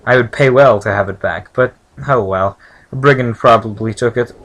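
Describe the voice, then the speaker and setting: A man's voice: medium pitch, normal speed, a bit bright, a little hiss or hum, close to an everyday voice, rough recording. A man voicing a bustling, chatty female servile cook from a game, reading her lines aloud in a raised voice. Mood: busy, rueful.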